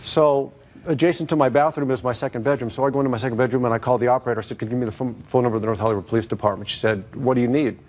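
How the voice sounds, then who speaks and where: A man's voice: mid-range voice, steady tone, rapid-fire, darkish tone. A man giving long, hesitant testimony as a plaintiff in a TV courtroom, full of fillers and restarts.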